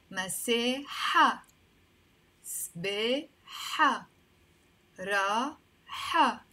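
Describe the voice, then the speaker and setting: A young woman with a Lebanese accent teaching Arabic pronunciation in an online lesson, patiently repeating words slowly for learners. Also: medium pitch, bright, forceful tone.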